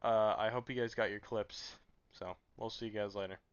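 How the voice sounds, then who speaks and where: A man's voice: lowish voice, fairly even intonation, normal speed, smooth, dry recording. A sleep-deprived man streaming late at night, chatting casually and rambling with stammered restarts. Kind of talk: casual live stream chat. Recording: dull lo-fi mic.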